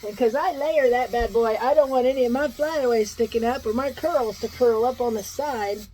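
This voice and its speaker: A woman's voice: on the high side, normal speed, warm tone, slight background noise, rough recording. A middle-aged woman vlogging in casual, rambling chat, now and then cooing at her dog in baby talk.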